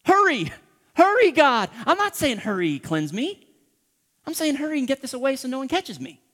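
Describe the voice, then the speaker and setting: A man preaching a sermon as pastor, impassioned, acting out prayers and dropping from loud pleading to hushed whispers. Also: very high-pitched, sing-song, a little fast, long reverb tail.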